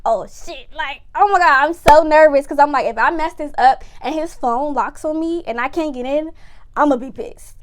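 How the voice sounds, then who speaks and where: High-voiced young woman, chatty storytime. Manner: fast, animated retelling with lots of "like" and acted-out quotes. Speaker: vlogger telling a story. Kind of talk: casual storytime.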